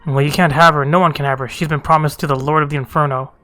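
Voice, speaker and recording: A man's voice: a little high, fairly even intonation, fast, pushed and bright, dry recording, soft background music. A man voicing a crazed, fearful captive mother who talks in a frantic, suspicious way.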